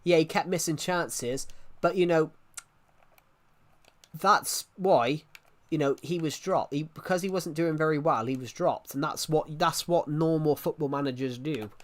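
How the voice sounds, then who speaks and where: A man's voice: on the high side, measured pace. A man chatting casually on a live stream, rambling and repeating himself as he restarts phrases. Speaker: game streamer.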